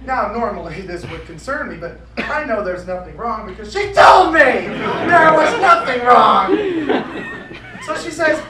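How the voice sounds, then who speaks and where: A man doing an animated stand-up comedy rant with exaggerated outbursts at an event. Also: extremely high pitch, measured pace, a crowd in the background. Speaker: comedic performer. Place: convention event room. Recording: echoey room from far off, noisy.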